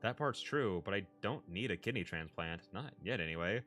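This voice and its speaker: A man reading as a young adult brother with a low-pitched voice who speaks quickly and apologetically, often with a laugh. Faint music plays in the background. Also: animated, a bit bright. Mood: surprised.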